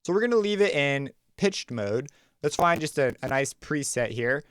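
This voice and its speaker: A man hosting a music production tutorial, talking casually and thinking aloud as he walks through a software workflow. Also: a little high, moderate pace, smooth, no echo. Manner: relaxed, conversational, thinks aloud while clicking. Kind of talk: screen-recorded software tutorial.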